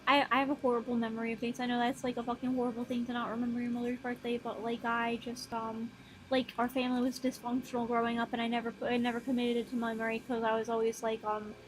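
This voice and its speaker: A young woman streaming while she draws, rambling softly and casually, swearing now and then and talking to her drawn characters. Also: level tone, quick pace, slight background noise, rough recording. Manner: soft, low-key, mumbling, with casual swearing.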